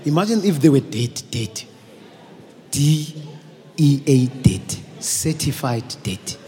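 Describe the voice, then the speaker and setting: Emphatic preacher, hall reverb. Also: male voice, mid-range voice, dark tone, a little hiss or hum. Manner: emphatic, repetitive, call-and-response. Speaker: bishop preaching. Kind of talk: sermon. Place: church service. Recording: long church reverb.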